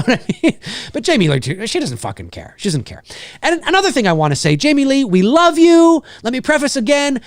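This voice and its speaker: A man's voice: very high voice, no echo, clean studio sound. A man hosting a live show, ranting casually with swearing and rambling restarts. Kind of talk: casual profanity-laced rant.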